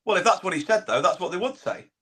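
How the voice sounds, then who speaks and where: A man's voice: high-pitched, fast talker, a bit bright. A man on a fan podcast panel chatting casually, rambling and repeating words. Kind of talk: casual chat.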